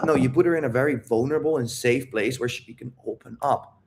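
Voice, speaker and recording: A blunt, emphatic man coaching on relationships, cursing freely and stopping to check that his listeners follow. His voice sits at an ordinary middle pitch, and he acts out little scenes to make his point. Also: fairly quick, a bit bright, slight background noise. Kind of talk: coaching monologue with role-play.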